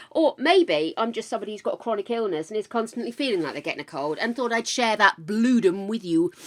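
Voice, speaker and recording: An older woman hosting a live stream, chatting casually with viewers in a gushing, easily overexcited way. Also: mid-range voice. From United Kingdom. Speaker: livestream host.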